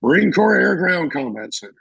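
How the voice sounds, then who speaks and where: A middle-aged man, a veteran, telling his service stories casually and acting out the shouted lines of others. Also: high-pitched, a little fast, gravelly, slightly rough, no echo, rough recording. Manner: animated, acts out shouted quotes. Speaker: veteran interviewee. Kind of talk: casual storytelling.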